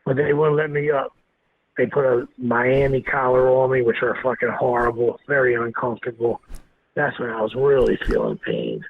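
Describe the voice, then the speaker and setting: A man's voice: medium pitch, normal speed, vocal fry. A man, a guest in an interview, telling a story bluntly and with lots of swearing. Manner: blunt, profane, animated storyteller. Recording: tinny phone-like line with faint noise.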